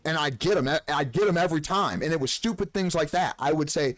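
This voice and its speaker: A man streaming live, telling gaming stories in an animated, profane way and acting out the dialogue. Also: a little high, fast talker, no room sound. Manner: animated storyteller, swears freely, acts out dialogue. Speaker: game streamer. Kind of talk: casual live-stream chat.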